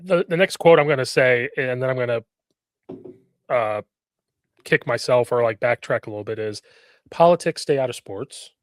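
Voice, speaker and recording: A man's voice: medium pitch, moderate pace, pauses often, no echo, clean studio sound. A man in casual sports podcast talk, telling stories bluntly and laughing a lot.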